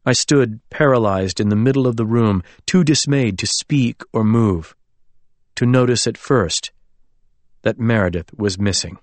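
A man reading a novel aloud as an audiobook narrator, in a measured, literary storytelling manner. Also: lowish voice, no echo. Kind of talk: scripted narration.

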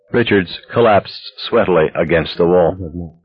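A man narrating a novel as an audiobook in a steady, measured way. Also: sits low, slightly rough, no room sound. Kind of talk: scripted narration. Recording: dull lo-fi dry recording.

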